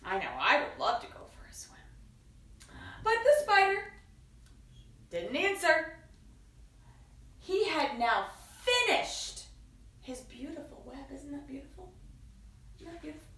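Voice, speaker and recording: A woman reading a picture book aloud to children in a playful, sing-song way, dipping into soft whispers. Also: sits high, sing-song, normal speed, far from the mic. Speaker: children's storyteller. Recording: roomy echo, voice from away from the mic.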